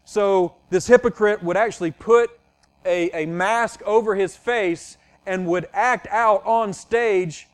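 A man's voice: high-pitched, slow, clean tone. A middle-aged male pastor preaching a sermon, teaching earnestly and repeating key phrases for emphasis.

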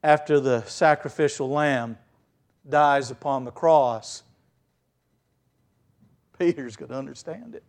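A man preaching a sermon as pastor, telling the story vividly and swinging between loud stresses and quiet asides. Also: medium pitch, slow, long pauses.

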